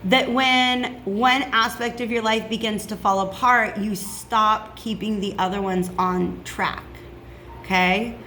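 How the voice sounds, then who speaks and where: A woman's voice: mid-range voice, steady tone, takes it slowly, sharp tone, slight background noise. A woman giving a casual tarot reading, chatty and reassuring, checking in with "okay?" often. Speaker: tarot reader.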